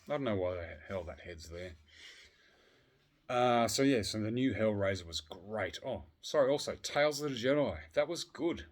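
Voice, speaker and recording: A man with a slightly low voice talks in a loose, casual vlog ramble. He swears freely and swings between loud bursts of excitement and low, mumbled asides. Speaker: vlogger. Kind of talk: casual chat.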